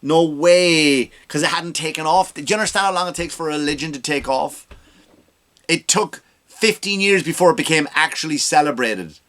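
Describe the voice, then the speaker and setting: A man's voice: a little high, normal speed, fairly bright tone. A man hosting a comedy podcast, ranting sarcastically about politics with profanity and rhetorical questions.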